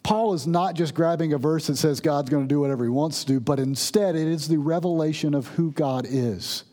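Man, pastor, sermon, earnest emphatic delivery, mellow tone, slightly high pitch. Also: fairly quick. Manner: earnest, emphatic preaching with verse readings.

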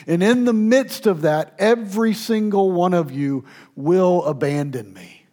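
A man delivers a sermon in a slightly higher-than-usual voice. He swings between loud, emphatic stretches and hushed, intimate passages. He sometimes restarts a phrase or fills with an "uh" mid-thought. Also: expressive, a little slow. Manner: speaks with restarts and fillers. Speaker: pastor.

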